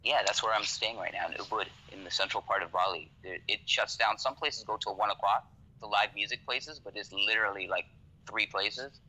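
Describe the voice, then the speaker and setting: Bright-voiced man in loose, swearing chat. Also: on the low side, fairly quick, low-quality recording. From Canada. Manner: relaxed, swears freely, keeps asking "you know what I mean". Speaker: podcast guest. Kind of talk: casual conversation.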